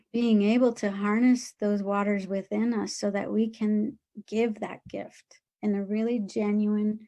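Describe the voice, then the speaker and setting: A woman's voice: mid-range voice, mellow. A woman talking earnestly and reflectively as an interview guest, with loose, rambling phrasing and many fillers. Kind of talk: reflective spiritual conversation.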